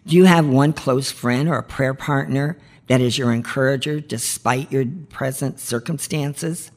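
A woman's voice: rumbling low, a little slow, darkish tone. A woman hosting a marriage ministry podcast, giving heartfelt devotional teaching in an earnest, pleading way.

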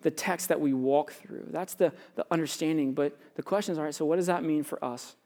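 Man, pastor, high-pitched, conversational sermon, informal. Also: fairly quick, dark tone. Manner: conversational, peppered with "right?" and "like".

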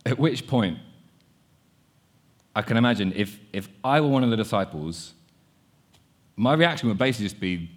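A man's voice: mid-range voice, brisk, pauses often. A young man preaching a sermon, earnest, often repeating words as he thinks aloud. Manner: earnest, repeats words, shifts between quiet and animated.

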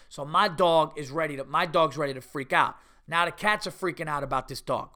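A middle-aged man talks straight into a podcast mic, swearing freely as he tells stories. His voice sits a little high for a man and sounds bright, with a forward edge to it. It comes across as a loose, animated solo monologue. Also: brisk. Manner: profane, animated storytelling. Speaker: podcast host.

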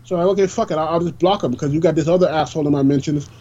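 A high-voiced man talks quickly, tripping over restarts as he tells a story. His audio is dull and lo-fi, as if from a weaker mic. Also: dark tone. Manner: fast, halting restarts. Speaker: podcast co-host. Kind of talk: casual chat.

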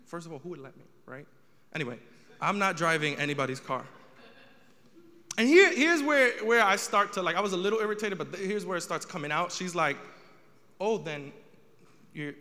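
A man's voice: on the high side, fairly quick, sharp tone, big-room sound. A young man doing a stand-up comedy set, telling a story with rising exasperation.

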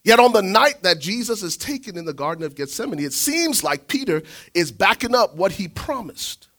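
A man preaching a sermon, telling the story dramatically, swinging from shouts to hushed asides. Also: high-pitched, big pitch swings, moderate pace.

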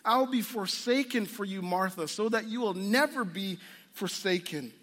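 A man preaching voices an imagined savior speaking earnestly and gently to a grieving woman. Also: high-pitched, moderate pace, in a large hall, pitched below the performer's own voice. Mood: tender. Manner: gentle, earnest, repeating the listener's name. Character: patient, loving male savior speaking gently.

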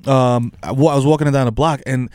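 A man's voice: medium pitch, steady tone, fast talker, a little mellow, clear, resonant tone, dry recording. A young man, co-hosting a podcast in slangy, laid-back banter. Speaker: podcast co-host. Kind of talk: casual comedic banter.

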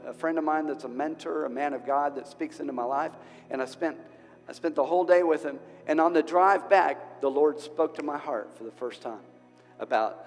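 A middle-aged man preaching a sermon as pastor, earnest and emotional, swinging from loud to soft and restarting his phrases. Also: on the high side. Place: church hall. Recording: church hall with long reverb and music.

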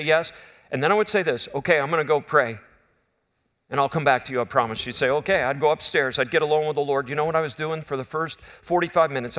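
A man in his fifties preaching a sermon, telling a personal story in an earnest, conversational way. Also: on the high side. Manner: earnest, conversational storytelling, swings from loud bursts to quiet intimacy.

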